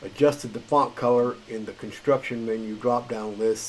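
A man's voice: fairly low pitch, fairly even intonation, moderate pace, few pauses, slight background noise, poor audio. A man hosting a gaming channel, reading patch notes in a tired, rambling, casual way. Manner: rambling, filler-heavy, chuckles at himself. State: tired late at night.

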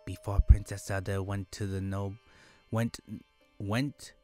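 Casting: man doing a formal old woman elder, slow and stilted, higher than his own voice. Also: flat delivery, warm tone, soft background music. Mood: solemn.

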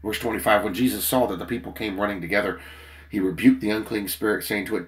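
Worn-out preacher, low voice, earnest emphatic devotional reading, loudness rising and falling. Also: male voice, steady tone, fast talker. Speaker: preacher leading a daily prayer. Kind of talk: devotional sermon with scripture reading.

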